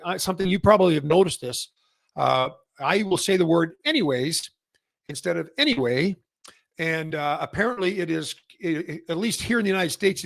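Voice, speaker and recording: A man's voice: a little high, vocal fry, a bit bright, no echo, clean studio sound. A middle-aged man from Canada, hosting a casual industry update and rambling with many fillers and restarts. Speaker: massage chair retailer and host.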